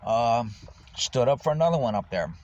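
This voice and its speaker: A man's voice: mid-range voice, animated, moderate pace, darkish tone. A man who is homeless, talking casually to the camera in a rambling, profane way about his life. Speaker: homeless vlogger. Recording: dull lo-fi with faint noise.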